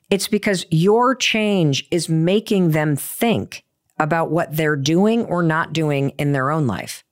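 Animated woman giving emphatic advice. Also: lowish voice. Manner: emphatic, repeats key points; animated storyteller, self-deprecating. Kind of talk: motivational advice talk with personal story.

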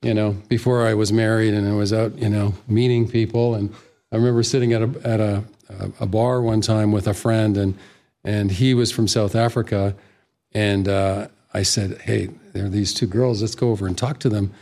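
A man's voice: fairly low pitch, flat delivery, normal speed, mellow. A man appearing as a guest in a studio interview, chatting in an easygoing way and telling stories.

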